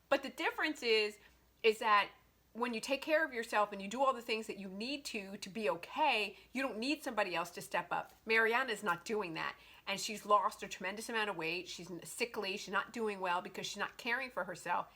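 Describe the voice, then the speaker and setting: A woman's voice: a little high, a little fast. A woman chatting animatedly about a romance novel in a casual book review vlog, with lots of "like" between her thoughts. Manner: chatty and animated, heavy use of "like".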